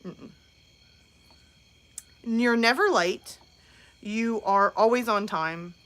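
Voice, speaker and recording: A woman's voice: mid-range voice, very slow, fairly bright tone. A woman in her thirties hosting a casual live stream from home, chatting and answering viewers' comments.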